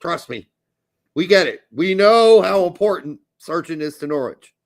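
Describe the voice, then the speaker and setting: A man's voice: sits high, lively intonation, moderate pace. A man co-hosting a casual soccer podcast, blunt and crude, talking emphatically. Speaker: podcast co-host.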